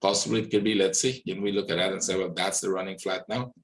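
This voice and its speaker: A man hosting a trading webinar, walking through charts live and thinking aloud, often checking in with a quick "right?". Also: low voice, steady tone, fairly bright tone, echoey room, poor audio. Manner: thinks aloud, many "right?" tag questions. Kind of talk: live market analysis walkthrough.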